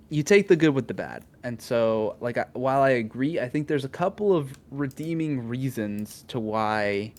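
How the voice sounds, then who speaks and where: Young man, podcast co-host, thoughtful casual chat, filler-heavy, mid pitch. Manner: thoughtful, many fillers and restarts.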